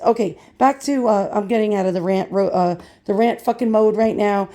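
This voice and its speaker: A hoarse woman hosting a vintage glass video, with a creaky, croaky voice she is losing. She rants profanely and jokes at her own expense. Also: medium pitch, steady tone, a little fast, few pauses, mellow. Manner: profane, ranting, self-deprecating. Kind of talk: casual vlog talk.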